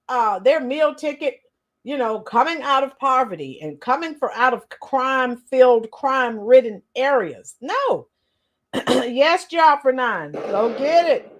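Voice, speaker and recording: Woman, livestream host, chatty, greets chat by name, lots of fillers, fairly high pitch. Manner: clears her throat often. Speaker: political commentary channel host. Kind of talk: casual livestream commentary, greeting chat viewers.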